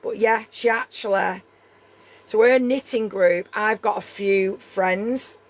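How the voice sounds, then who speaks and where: A woman's voice: mid-range voice, slow pace. A middle-aged woman from Leigh, England, with a Northern English accent, telling a story in a blunt, heated way and swearing freely. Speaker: streamer. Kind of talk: storytelling chat.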